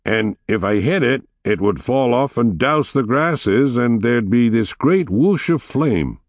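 A man voicing a charming teenage boy of nearly sixteen, telling a boastful story with lively gestures. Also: mid-range voice, slow, dry recording, pitched above the performer's own voice. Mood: animated.

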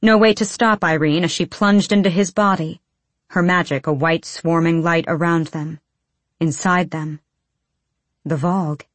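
A woman narrating a fantasy audiobook in a measured, low-key storytelling manner. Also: steady tone, no echo.

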